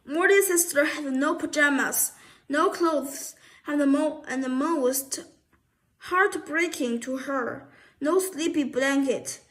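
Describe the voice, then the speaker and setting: A woman's voice: high-pitched, slow pace, a bit bright. A woman reading a children's storybook aloud, often stumbling and restarting words.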